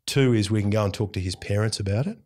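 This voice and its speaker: A middle-aged Australian man, a radio host, telling a family story in casual conversation, animated and intense, acting out bits of dialogue. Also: on the low side, fast. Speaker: radio host, interview guest.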